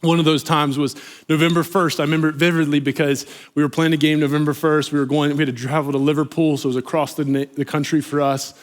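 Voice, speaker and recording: Animated young male pastor telling stories. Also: a little high, fast talker. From United States. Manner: animated, acts out quoted voices, many fillers like "you know". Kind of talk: storytelling sermon.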